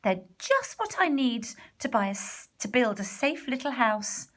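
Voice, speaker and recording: A woman voicing small young male pigs in a storybook reading, high and emphatic. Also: very animated, unhurried, a bit bright, exaggerated voice. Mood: squeaky.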